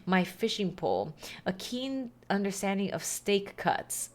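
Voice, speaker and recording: A woman's voice: mid-range voice, expressive, moderate pace. A woman streaming a game, chatting casually and reading on-screen text aloud with wry asides. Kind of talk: casual game playthrough commentary.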